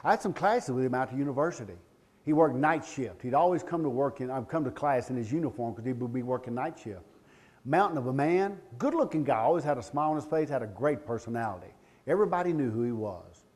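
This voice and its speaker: A man, giving a live training talk as a law enforcement trainer, animated and joking, calling out questions to the crowd. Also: mid-range voice, fast talker. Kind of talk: live seminar talk to an audience. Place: room with a live audience.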